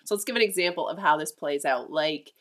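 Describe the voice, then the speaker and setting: A woman's voice: sits low, brisk, a bit bright. Woman host asking prompting questions. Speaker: podcast host and mother. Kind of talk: casual family chat.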